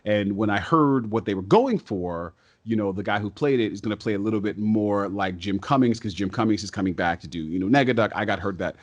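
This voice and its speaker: A man with a lowish voice tells stories as a podcast guest. He is talkative and excitable, with quick bursts and frequent restarts. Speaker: guest, stage and voice actor. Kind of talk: casual podcast interview storytelling.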